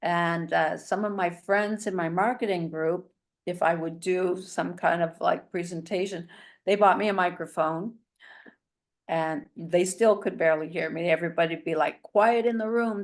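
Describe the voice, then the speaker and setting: A middle-aged woman, a guest telling her story in a chatty, animated way. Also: lowish voice, a little slow. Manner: chatty and animated, a self-described talker. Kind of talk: casual storytelling in an interview.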